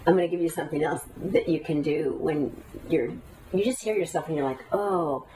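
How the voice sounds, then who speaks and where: A woman's voice: low voice, a little fast, dark tone, distant mic, slight background noise, low-quality recording. A woman teaching a class, talking earnestly and at length and guiding the listeners through breathing exercises. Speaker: meditation teacher.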